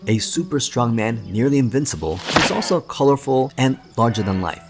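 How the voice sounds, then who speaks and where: A man narrating a film documentary in a steady, enthusiastic storytelling manner. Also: medium pitch, moderate pace, over loud music. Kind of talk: scripted narration.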